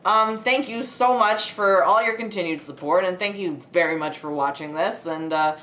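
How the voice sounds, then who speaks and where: A young video creator vents about a film in a casual review, sarcastic, crude and prone to laughing. She talks at a moderate pace in a lowish, fairly bright voice, recorded at home with a desk light in a room that echoes.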